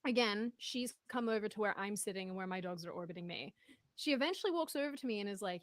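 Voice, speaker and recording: A woman telling a story in casual chat, animated and indignant as she rants. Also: medium pitch, quick pace, dry recording.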